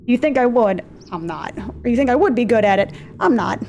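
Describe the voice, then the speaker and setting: A woman's voice: a little high, animated, fairly quick, darkish tone, lo-fi sound, a little hiss or hum. A woman hosting a let's play, chatting casually and self-deprecatingly while she plays, easily sidetracked, recorded on a desk mic. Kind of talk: casual gameplay commentary. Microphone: desk mic with gain turned down in software. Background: faint game music and clicky mechanical keyboard.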